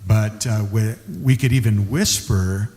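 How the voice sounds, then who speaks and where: A male host talks in a chatty, easygoing manner with a low, warm, mellow tone. The sound has a long, echoey hall reverb around it. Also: measured pace. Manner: chatty, says he can get loud. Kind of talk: casual interview conversation.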